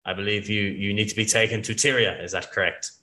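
A man's voice: on the low side, fairly even intonation, fast, sharp tone. A man voicing a formal, stiff male naval commander who speaks in old-fashioned phrasing.

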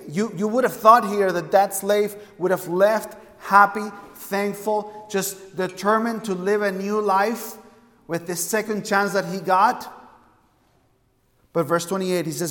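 A man's voice: high voice, slow pace, sharp tone, long reverb tail. A man preaching a sermon, emphatic and fond of asking his listeners questions. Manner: emphatic, asks the congregation questions.

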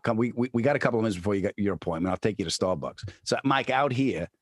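A man, a comedian and actor, telling a story in casual chat and acting out his friend's panicked voice in high shouts. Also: racing, no room sound.

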